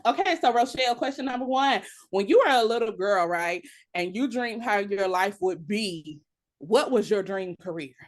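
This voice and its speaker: A woman's voice: mid-range voice, normal speed. A woman hosting an interview show, talking in a bubbly, hyped, enthusiastic way. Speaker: host.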